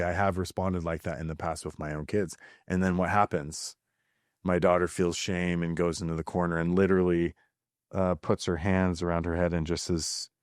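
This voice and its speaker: A man in his thirties hosting a podcast, talking in an earnest, halting way with fillers and restarts. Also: low voice, no room sound, studio quality. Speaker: podcast host. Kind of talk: reflective podcast monologue.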